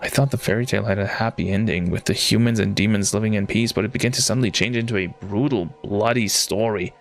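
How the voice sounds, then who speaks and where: A man's voice: fairly low pitch, fast, creaky, faint music behind. A man voicing a curious teenage boy narrator, reading a visual novel's inner monologue plainly. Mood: uneasy.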